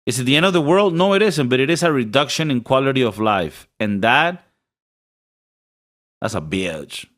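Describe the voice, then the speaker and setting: A man co-hosting a podcast, chatting casually with a rambling, joking manner. He restarts his sentences often, and his voice sits at an ordinary middle pitch. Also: animated, moderate pace, fairly bright tone. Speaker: podcast co-host.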